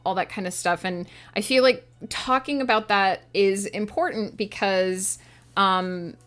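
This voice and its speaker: A woman with a medium-pitched, slightly bright voice livestreams from home as a writer. Reflective and earnest, she keeps the talk casual and speaks right to her chat.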